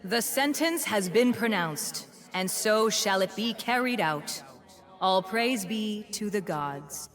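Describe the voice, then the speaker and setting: An actress playing a stern female inquisitor who pronounces judgment in slow, formal, menacing speech. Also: mid-range voice, animated, fairly bright tone, faint music behind. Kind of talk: video game voice acting.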